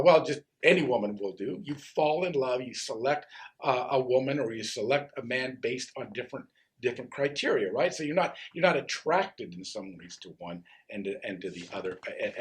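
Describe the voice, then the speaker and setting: A male pastor preaching a sermon in an animated, conversational way, often asking rhetorical questions. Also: mid-range voice.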